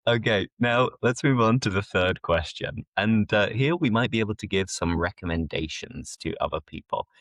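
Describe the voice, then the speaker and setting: A man's voice: on the low side, animated, moderate pace, a bit bright, no echo, clean studio sound. A man hosting a casual chat, laughing easily and turning to talk straight to his viewers. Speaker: host, English teacher.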